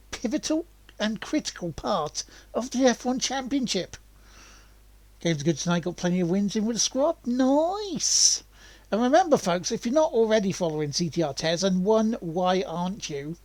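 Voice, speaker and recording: A man's voice: high-pitched, lively intonation, moderate pace, darkish tone, no room sound. A man streaming a racing game in casual, rambling chat, often laughing and greeting viewers. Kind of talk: casual gaming livestream chat.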